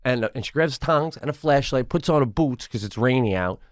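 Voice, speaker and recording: Animated swearing man telling a story. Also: medium pitch, fairly quick, dry recording, studio quality. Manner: animated, swearing, acts out others in raised voices. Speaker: podcast co-host. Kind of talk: casual storytelling chat. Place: home studio.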